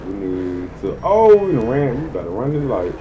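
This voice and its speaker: Excitable man narrating his gameplay. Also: normal speed, muffled recording, a little hiss or hum. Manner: excitable, slangy, swears freely, yelps high when things go wrong. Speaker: gaming channel host. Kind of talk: casual gameplay commentary.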